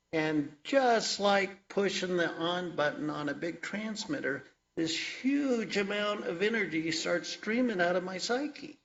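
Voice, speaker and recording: Male storyteller, wry and reflective, unhurried delivery, dull lo-fi recording. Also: high voice, gravelly, fairly bright tone. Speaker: author and energy worker sharing his story. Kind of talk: personal storytelling talk.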